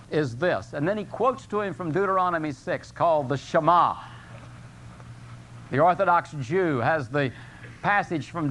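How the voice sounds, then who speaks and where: A man's voice: on the high side, a bit bright, a little hiss or hum. Earnest older man preaching a sermon. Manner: earnest preaching, rising for emphasis, slow drawn-out scripture quotes. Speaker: pastor.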